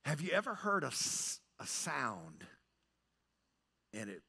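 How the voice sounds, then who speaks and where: A middle-aged pastor preaching a dramatic sermon, swinging from loud to hushed and often asking "right?". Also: male voice, medium pitch, huge pitch swings, takes it slowly, vocal fry, husky. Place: church sanctuary.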